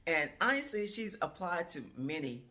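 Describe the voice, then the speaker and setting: A woman's voice: fairly low pitch, sing-song, moderate pace, sharp tone. Reflective grandmother chatting to camera. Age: 50s. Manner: rambling, reflective, many fillers and asides; grandmother musing on changing times. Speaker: vlogger. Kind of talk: casual chat to camera.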